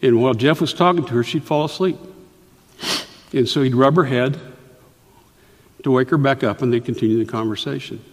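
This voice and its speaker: Middle-aged guy pastor giving a sermon, careful and deliberate, mid pitch, echoey church hall. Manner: earnest, deliberate, stops to explain points. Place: church sanctuary.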